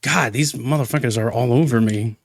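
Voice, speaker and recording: A man's voice: medium pitch, fairly quick, gravelly, no room sound. A man giving exasperated reaction commentary on a streamer, ranting with many restarts.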